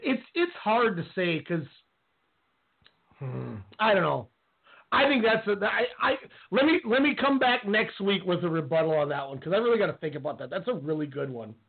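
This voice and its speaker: Male co-host, high voice, excitable, phone-line audio. Casual wrestling chat. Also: normal speed, creaky. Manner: animated, acts out quotes. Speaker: podcast co-host.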